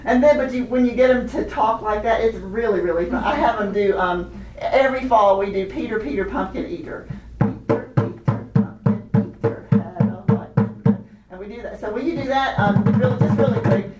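A woman leading a hands-on children's music workshop, animated and laughing often as she teaches chanted rhythms. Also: a little high, brisk. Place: workshop room with participants. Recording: echoey room, voice from a distance.

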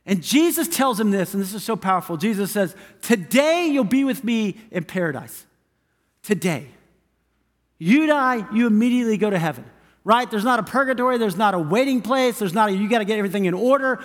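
A male pastor preaches to his congregation in a high, ringing voice, hammering home each point with repeated phrases. His words trail off into the long reverb of a large church hall. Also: lively intonation, a little fast. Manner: emphatic, repetitive preaching cadence. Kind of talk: sermon. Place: church sanctuary.

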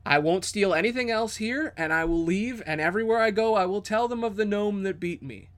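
A man's voice: high voice, a little fast, pitched above the performer's own voice, natural voice. A man voicing a sly, cheerful female rogue prisoner who bargains for her freedom. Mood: wheedling.

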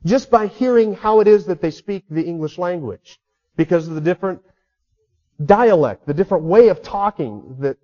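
Man preaching, high voice, emphatic, repeats words, dull lo-fi sound. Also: lively intonation, moderate pace, dark tone. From United States. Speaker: pastor. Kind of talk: sermon.

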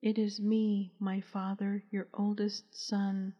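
A grown son speaks in a hoarse, choked whisper, barely holding back sobs, as a woman narrator puts him on. The voice is husky, slow and low in energy. It sits in a dull, echoey audiobook recording. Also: completely flat delivery. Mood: choked, hushed. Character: grown son, returned captive, choked with tears.

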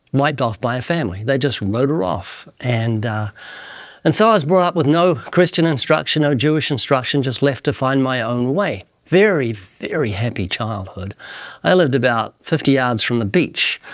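An older man from New Zealand with a New Zealand accent, telling his personal testimony in a slow, reflective, measured way. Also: medium pitch, no room sound, clean studio sound. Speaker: evangelist. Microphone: studio mic.

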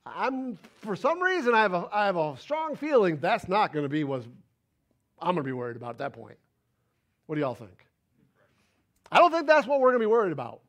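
A man preaching a sermon, animated and emphatic, repeating words for stress. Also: sits high, normal speed, long pauses. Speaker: pastor.

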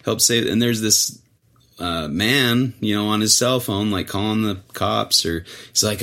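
A man with a fairly low voice tells a casual, rambling story as a podcast co-host. He fills it with fillers and restarts, and he acts out the quotes with animation. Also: moderate pace, fairly bright tone.

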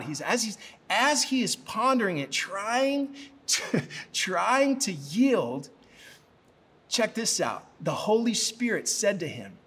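A man's voice: sits high, animated, normal speed, a bit bright, husky. A man preaching a sermon as pastor, telling stories animatedly and laughing now and then.

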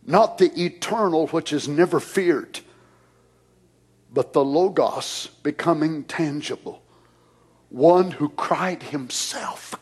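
A man preaching and praying in a sermon, moving from hushed whispers to loud shouts. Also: on the high side, slow pace, breathy edge. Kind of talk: sermon prayer.

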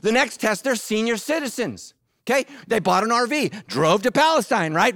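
A male pastor preaching a sermon in an animated, emphatic way, mixing jokes with serious points. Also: high voice, normal speed, no room sound, studio quality.

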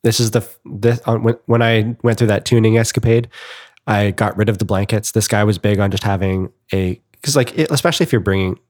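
Man, low voice, dry close sound, rambling casual podcast talk. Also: steady tone, brisk, a little mellow, no echo. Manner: rambling, lots of fillers and restarts. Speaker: podcast co-host. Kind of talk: casual chat.

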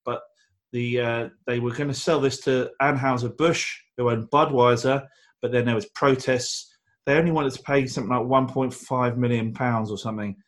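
A man's voice: mid-range voice, fairly even intonation, normal speed. A man co-hosting a casual beer-tasting chat, rambling and enthusiastic, with frequent restarts and fillers. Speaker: podcast co-host.

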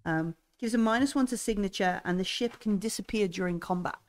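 A woman narrating as game master of a tabletop game, often pausing with ums and likes as she describes the scene. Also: mid-range voice. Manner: hesitant, full of ums and likes.

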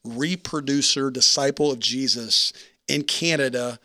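A man's voice: mid-range voice, measured pace, sharp tone, dry recording, studio quality. A man in his forties hosting a podcast, chatty, effusive and curious as he questions his guest. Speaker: podcast host. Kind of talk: casual interview talk.

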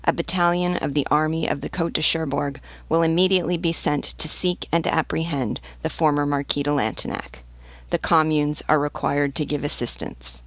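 A woman reading a novel aloud as a teacher, in a measured, even storytelling manner. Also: deep voice, dry recording.

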